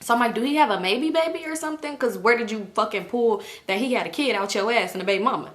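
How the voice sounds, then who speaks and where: A young woman vlogger telling a storytime, animated, acting out quoted voices and swearing freely. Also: a little high, quick pace. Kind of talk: casual storytime.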